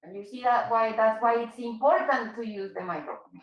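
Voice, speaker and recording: Female teacher, high voice, patient and slow with examples, echoey room. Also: recorded from a distance, lo-fi sound. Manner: patient, repeats and explains slowly, switches into Spanish. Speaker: English teacher. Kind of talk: online English class for Spanish speakers.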